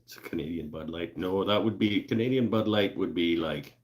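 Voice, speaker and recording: A man's voice: low voice, fairly quick. A man hosting a casual livestream from his woodworking shop, chatting loosely and jokingly with viewers. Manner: laid-back, joking, lots of fillers and laughs. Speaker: livestream host. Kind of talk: casual livestream chat reading viewer comments.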